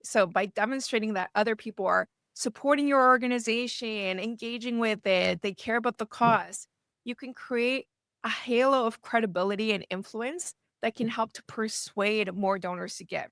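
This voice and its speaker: A woman's voice: on the high side, normal speed, a bit bright, no echo, studio quality. A woman who works as a fundraising consultant, giving a conversational lesson and often checking in with the listener with "right?". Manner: chatty, frequently checks in with "right?" and starts with "so". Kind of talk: conversational teaching talk to camera.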